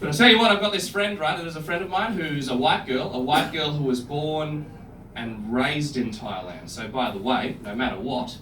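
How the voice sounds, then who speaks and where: A man's voice: on the high side, moderate pace, noisy background. A young Australian man performing a live stand-up comedy set, crude and punchy, often laughing into his lines. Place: comedy club stage. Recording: roomy club, distant mic, crowd ambience.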